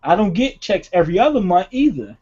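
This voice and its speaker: A young man, the host, telling a story in casual chat with a profane, animated delivery and acted-out quotes. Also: high voice, brisk, slightly rough. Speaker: podcast host. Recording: dull lo-fi recording.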